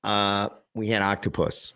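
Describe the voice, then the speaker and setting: A man's voice: on the low side, steady tone, measured pace, creaky, bright, forceful tone, smooth. A man from the Northeast US hosting a podcast, chatting casually and joking, with lots of rambling asides. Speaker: podcast host. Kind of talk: casual interview chat.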